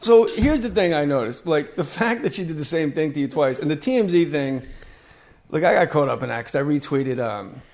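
Male comedic podcast host, bawdy and quick to laugh, voice on the high side. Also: lively intonation, a little mellow. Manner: crude, joking, laughs often, mimics others. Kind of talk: casual comedic chat.

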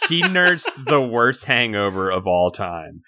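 A man co-hosting a podcast, recapping a story in casual chat, animated and laughing, often swearing. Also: fairly low pitch, unhurried, noisy background. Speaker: podcast co-host.

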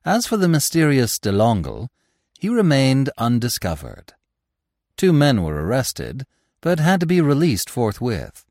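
Expressive male audiobook narrator. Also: medium pitch, a little slow, no room sound, studio quality. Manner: expressive, theatrical. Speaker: audiobook narrator, podcast host. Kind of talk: dramatic audiobook reading.

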